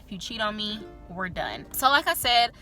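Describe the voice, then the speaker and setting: Young woman storytime vlog, chatty, lots of "like", swears, bright voice, mid pitch. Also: sing-song, normal speed, soft background music. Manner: chatty, filler-heavy, swears freely. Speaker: vlogger.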